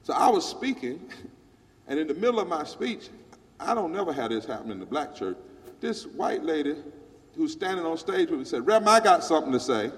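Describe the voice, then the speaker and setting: A man's voice: a little high, sing-song, moderate pace, in a large hall. A man who is a pastor, telling a story on stage into a handheld mic with an emphatic preaching cadence.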